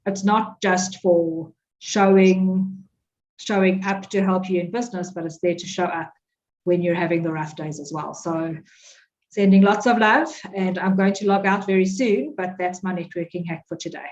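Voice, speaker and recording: A woman's voice: lowish voice, normal speed, a little mellow, slight background noise. A woman accountant sharing a heartfelt message in a casual online chat. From South Africa. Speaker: accountant and guest. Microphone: video call. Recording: dull lo-fi sound.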